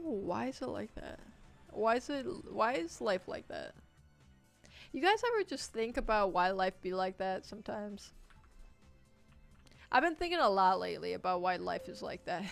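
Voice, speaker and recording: A woman streaming a game live, chatting and joking with viewers and shouting out loud when things go wrong. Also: mid-range voice, gravelly. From United States. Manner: jokey, reacts loudly with sudden shouts. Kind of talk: live gameplay commentary.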